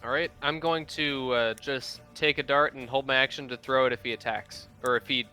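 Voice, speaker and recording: A man with a bright, forceful voice plays a tabletop game, speaking casually and asking direct questions. Soft music runs behind him. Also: medium pitch, fairly even intonation, moderate pace. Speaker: player.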